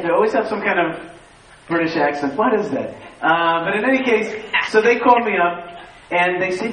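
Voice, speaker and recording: A man telling stories to a live audience, animated, repeating phrases and quizzing the crowd. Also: high voice, brisk. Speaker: speaker addressing an audience. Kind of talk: lively storytelling talk. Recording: echoey room, far from the mic, faint hiss.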